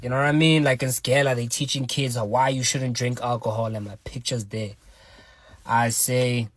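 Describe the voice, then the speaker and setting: A man telling a personal story in a casual, slangy, animated way, swearing often. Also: medium pitch, normal speed, no echo. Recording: loud music under the voice.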